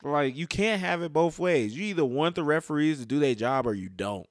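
A man's voice: on the high side, animated, a little fast, no echo, clean studio sound. A man in a heated, casual rant about a game, profane and emphatic, with frequent fillers. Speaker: sports fan commentator.

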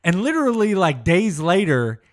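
Joking man with a slightly high voice. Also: sing-song, moderate pace. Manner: joking, playful interjections. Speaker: podcast co-host. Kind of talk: casual chat.

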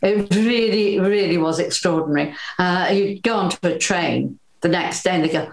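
An older Welsh actress telling lively anecdotes in an interview, acting out the voices she quotes. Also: on the low side, moderate pace, vocal fry, few pauses, reverberant, low-quality recording. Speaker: actress guest.

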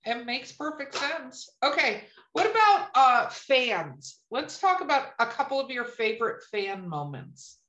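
A woman's voice: high-pitched, very animated, a little slow, hardly any pauses, a bit bright, a little hiss or hum. A woman hosting a podcast, asking questions in an easygoing, agreeable way. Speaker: podcast host. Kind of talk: casual interview. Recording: roomy echo.

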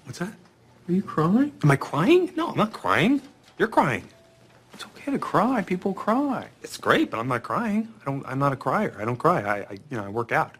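A man's voice: fairly high pitch, sing-song, normal speed, a bit bright, a little hiss or hum, pitched above the performer's own voice. A man voicing a grown man who insists he is not crying, in a defensive, mock-sulky back-and-forth with himself in a comedic podcast skit.

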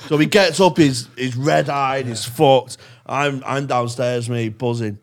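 A man's voice: mid-range voice, unhurried. A man telling a prank story on a comedy podcast, swearing freely and laughing through it. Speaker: podcast co-host.

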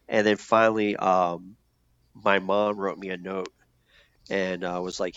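Man, low voice, casual profane storyteller with fillers; lo-fi, muffled audio. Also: fairly even intonation, moderate pace, fairly bright tone, dry recording. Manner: loose and profane, many fillers and restarts. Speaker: guest telling his recovery story. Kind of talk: candid conversational storytelling. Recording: dull lo-fi sound.

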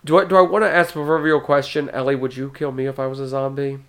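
Excitable rambling man hosting a podcast. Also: medium pitch, fast, clear, resonant tone. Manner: excitable and rambling, jumps between thoughts. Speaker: podcast host. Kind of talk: casual chat about movies.

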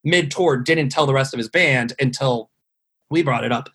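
A man's voice: mid-range voice, normal speed, fairly bright tone, breathy edge. A man casually telling a long, rambling story on a podcast, swearing often and full of fillers. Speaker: guest telling a tour story.

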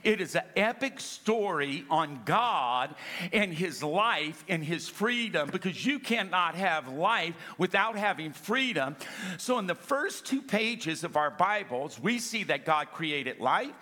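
Animated preacher man in a reverberant hall. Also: high-pitched, slow pace. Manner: animated preaching with audience call-outs. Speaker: pastor. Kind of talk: sermon. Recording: long reverb of a large hall.

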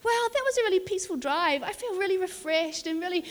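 A woman voicing an oblivious, vague teenage girl with a high, innocent, unbothered manner. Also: animated, quick pace, in a large hall. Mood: cheerful.

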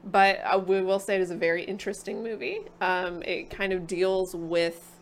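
Halting female podcast co-host. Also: fairly low pitch, steady tone, a little hiss or hum. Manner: halting, filler-heavy. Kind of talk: casual chat.

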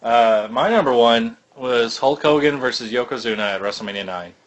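A man co-hosting a podcast in casual chat, blunt and profane, with loud, excited outbursts. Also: mid-range voice, normal speed, highs cut off. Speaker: podcast co-host.

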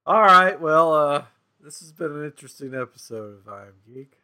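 A man's voice: fairly high pitch, animated, normal speed, sharp tone. A man hosting a casual podcast, asking easygoing questions as he chats. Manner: asks many questions, easygoing. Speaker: podcast host. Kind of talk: casual chat.

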